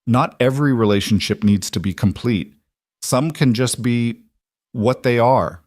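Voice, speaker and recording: A man voicing a caring wife and mother who speaks calmly and reassuringly. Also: medium pitch, measured pace, dry recording, studio quality, pitched above the performer's own voice, close to an everyday voice. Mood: loving. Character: adult woman, warm wife and mother.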